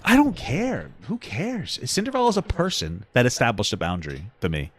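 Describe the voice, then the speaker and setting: A man co-hosting a podcast, ranting with a lot of swearing and swinging between low mutters and yelling. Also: huge pitch swings, normal speed, soft background music. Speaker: podcast co-host. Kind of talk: casual podcast chat.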